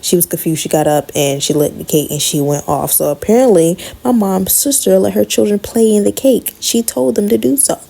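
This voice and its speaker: A woman telling a personal story in a casual monologue, blunt, profane and animated. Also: mid-range voice, fairly quick, creaky, hardly any pauses.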